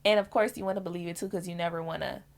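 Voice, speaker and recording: Candid woman vlogger with gravelly voice. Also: on the low side, rapid-fire. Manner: candid, animated storytelling in casual slang. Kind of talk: personal storytelling vlog.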